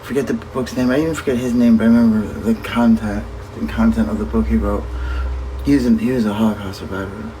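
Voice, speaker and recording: A man's voice: fairly low pitch, steady tone, quick pace, warm tone, a little hiss or hum, rough recording. Casual man talking to stream viewers. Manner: talks to viewers, swears freely. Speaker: livestreamer. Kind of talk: casual livestream chat.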